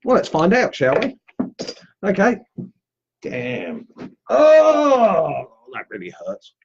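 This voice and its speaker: Chatty man, lively voice. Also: a little high, measured pace, slightly rough, highs cut off. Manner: chatty and upbeat, greets viewers while carving. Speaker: woodcarving instructor live-streaming. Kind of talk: casual live demo, chatting with viewers.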